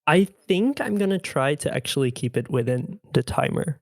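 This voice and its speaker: A man's voice: on the high side, lively intonation, normal speed, vocal fry, no echo, studio quality. A young man chatting on a podcast as returning guest host, rambling with many fillers. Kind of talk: casual podcast chat.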